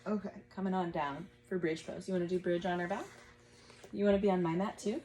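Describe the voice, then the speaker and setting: A woman in her thirties teaching a gentle yoga class at home, guiding breaths patiently and encouragingly. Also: on the low side, steady tone, fast talker.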